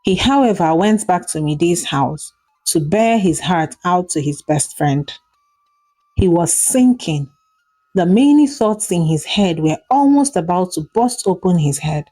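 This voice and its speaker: Nigerian lady reading a story slow, lowish mellow voice, soft music behind. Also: expressive. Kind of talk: scripted story narration.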